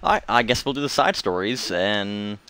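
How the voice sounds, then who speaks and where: A man's voice: lowish voice, big pitch swings, moderate pace, sharp tone, smooth, no echo. A man casually commenting on a visual novel as he plays and reading its narration aloud, musing and unsure. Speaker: let's play streamer. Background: game music.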